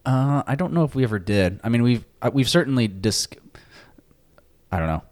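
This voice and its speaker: A man's voice: medium pitch, lively intonation, fairly quick, a little mellow, no room sound. A man in his late thirties co-hosting a podcast, bantering in a laid-back, self-deprecating way. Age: 30s. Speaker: podcast co-host. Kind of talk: casual podcast chat.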